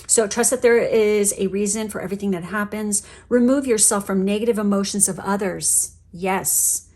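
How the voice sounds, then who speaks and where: A woman's voice: mid-range voice, moderate pace, a little mellow. A woman giving a pick-a-card tarot reading, talking earnestly and encouragingly, often checking in with "okay?" and swearing casually. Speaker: tarot reader.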